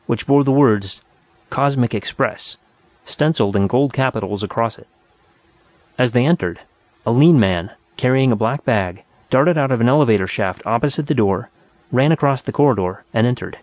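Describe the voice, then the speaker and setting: A man narrating a story in a steady, measured reading style. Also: mid-range voice, dry recording. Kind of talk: audiobook narration.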